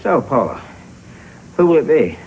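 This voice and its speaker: A man's voice: medium pitch, very animated, moderate pace. An actor playing an exasperated, self-mocking male TV director in a sitcom. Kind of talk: sitcom acting with laugh track. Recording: hissy TV audio, studio audience laughter.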